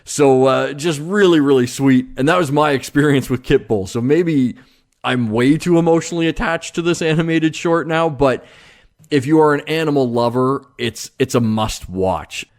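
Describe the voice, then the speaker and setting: A man's voice: mid-range voice, normal speed. A man hosting his own podcast, talking casually on his own in a rambling, jokey way with lots of fillers and restarts. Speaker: podcast host. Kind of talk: casual solo monologue.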